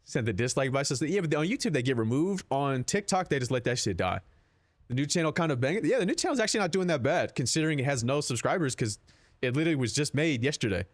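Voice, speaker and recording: A man's voice: medium pitch, big pitch swings, fast talker. A man streaming a game, chatting casually with his chat in a rambling, profane, laid-back way.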